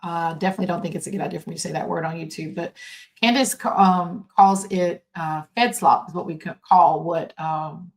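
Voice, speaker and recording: A woman with a somewhat low voice hosts a casual commentary podcast from her home. She talks in a loose, halting way, full of fillers and self-corrections. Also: fairly even intonation. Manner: halting, with many fillers and restarts. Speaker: podcast host.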